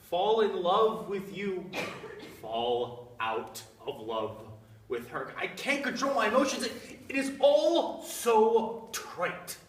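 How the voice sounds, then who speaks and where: A young man acting out a tormented husband full of guilt and self-mockery, his high voice rising and falling in wide swings as he broods slowly. It is a stage scene recorded from far off in an echoey theatre with a faint hiss behind. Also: big pitch swings, full character voice. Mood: self-mocking. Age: young adult. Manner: brooding, bitterly ironic, swinging from hushed to loud outbursts. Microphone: far camera.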